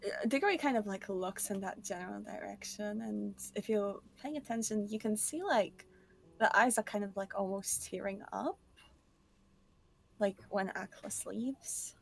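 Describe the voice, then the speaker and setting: A woman's voice: medium pitch, moderate pace, creaky. A woman playing a tabletop game, chatty and voicing her character's lines aloud. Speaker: player.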